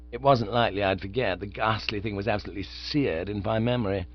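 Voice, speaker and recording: A man reading an audiobook in scripted narration with a wry, lively manner. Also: lowish voice, a little fast, hardly any pauses, dry recording. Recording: dull, dry audiobook recording.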